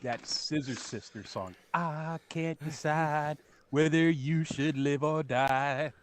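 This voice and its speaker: A man's voice: a little high, slow, slight background noise. A man from California cracking crude jokes as a podcast co-host. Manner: crude, joking.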